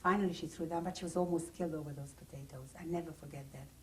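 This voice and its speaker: Older woman recalling memories, lowish voice. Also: steady tone, very fast, darkish tone, recorded from a distance, a little hiss or hum, low-quality recording. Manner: plain, vivid first-person recollection. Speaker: interviewee. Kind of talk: oral history testimony. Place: private home.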